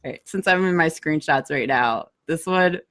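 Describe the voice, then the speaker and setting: A woman in her thirties co-hosting a casual chat, chatty and quick to laugh. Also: sits low, a bit bright. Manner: chatty, reads dating messages aloud with laughs. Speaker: podcast co-host.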